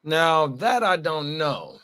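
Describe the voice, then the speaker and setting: A man's voice: on the high side, animated, slow, bright, forceful tone. Laid-back man on a podcast. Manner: laid-back, slang-heavy, repeats affirmations. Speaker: co-host reading chat comments. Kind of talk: casual podcast chat.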